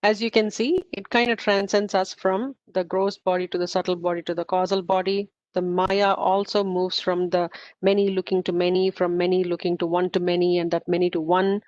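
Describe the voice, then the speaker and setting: A woman whose voice is on the low side and a little mellow gives an informal lecture to a study group. She explains step by step, often using fillers and correcting herself, on a dry, slightly muffled, dull recording.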